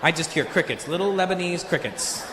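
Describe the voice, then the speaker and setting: Animated stand-up comic, echoey stage. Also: male voice, on the high side, brisk. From Canada. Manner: animated storytelling, acting out accents of people in the story. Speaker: stand-up comedian. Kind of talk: stand-up comedy routine. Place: theater stage with an audience. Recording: echoey live venue with faint noise.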